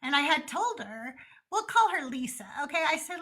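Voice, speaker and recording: High, bright, animated woman host. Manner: animated, swears freely, quick storytelling. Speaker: podcast host. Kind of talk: casual chat.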